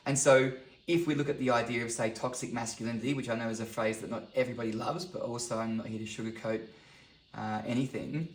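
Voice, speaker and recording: Speaking fast with fairly even intonation, this mid-range-voiced men's coach in his 30s is a guest on a reflective podcast. He talks earnestly, tells stories and acts out quotes, all in a room with noticeable echo.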